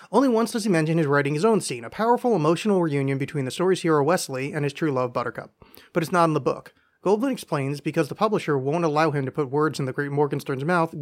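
Brief: male solo podcast host, casual and profane, stumbling through a reading, voice pitched a bit high. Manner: rambling, self-deprecating, profane.

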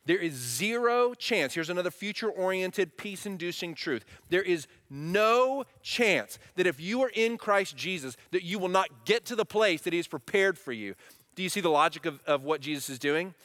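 A man in his thirties preaching a sermon, animated and asking the congregation questions. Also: sits high, normal speed. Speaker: pastor. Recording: long hall reverb.

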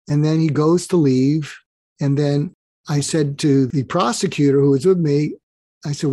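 Older guy on a podcast, bit high voice, mellow tone, dry close mic, acts out the quotes. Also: normal speed, no echo. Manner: animated storyteller acting out quoted exchanges. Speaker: psychiatrist guest. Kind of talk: storytelling in a podcast interview.

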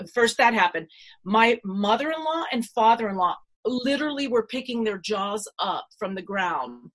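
Husky, fairly high middle-aged woman guest, dramatic storyteller who acts out the quotes. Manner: dramatic, acts out quotes with big swings in pitch and loudness. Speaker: podcast guest. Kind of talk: animated storytelling.

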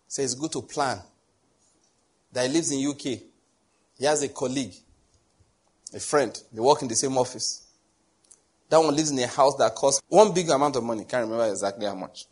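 Husky and medium in pitch, a middle-aged Nigerian preacher tells stories in his sermon. He brings them to life in an animated way by acting out the dialogue.

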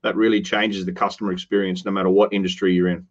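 A man's voice: deep voice, little pitch movement, quick pace. Earnest man on a lo-fi line. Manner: earnest, with upbeat quoted asides. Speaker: podcast co-host. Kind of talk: casual business chat.

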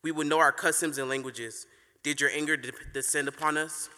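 Solemn teen slam poet in a hall. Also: male voice, fairly high pitch, steady tone, fairly quick, bright, forceful tone, smooth. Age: teens. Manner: solemn, declamatory. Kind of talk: spoken word performance. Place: theater stage. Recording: long reverb of a large venue.

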